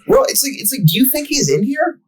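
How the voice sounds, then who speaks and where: Young dude podcast cohost, husky, swears a lot, ranty story. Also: male voice, extremely high pitch, rough recording. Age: young adult. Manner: profane ranting storyteller. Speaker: podcast co-host. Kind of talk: casual chat.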